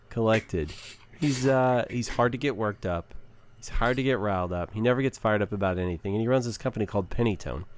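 A man's voice: on the low side, smooth. A man from Texas with a Southern accent, hosting a casual podcast chat in a joking, easygoing way. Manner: joking, easygoing, reads ads loosely. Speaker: podcast host.

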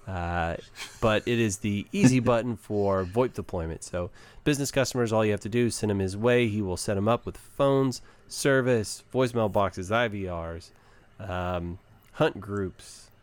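A man with a Texas drawl hosts a podcast in his low voice. He jokes easily and runs through his ad reads in a loose, offhand way. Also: moderate pace, smooth, dry recording. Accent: Southern US, Texas. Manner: joking, easygoing, reads ads loosely. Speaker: podcast host. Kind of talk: casual chat.

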